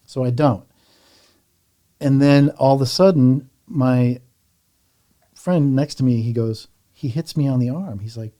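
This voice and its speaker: A middle-aged man, a podcast guest, telling stories in a relaxed chat, animated and casually profane. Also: mid-range voice, unhurried, long pauses. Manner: animated storyteller, swears casually. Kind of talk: casual storytelling conversation.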